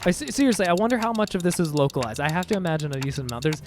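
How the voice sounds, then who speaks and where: A man's voice: fairly high pitch, expressive, very fast. A man streaming a game, chatting casually and joking with his viewers. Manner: playful, jokey, chatty with viewers. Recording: faint music behind.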